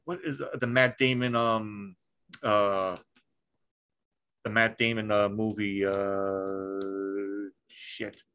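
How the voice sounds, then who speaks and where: A man's voice: on the low side, fairly bright tone, rough recording. Rambling swearing podcast host, man. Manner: rambling, swears freely, many fillers and restarts. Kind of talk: casual chat.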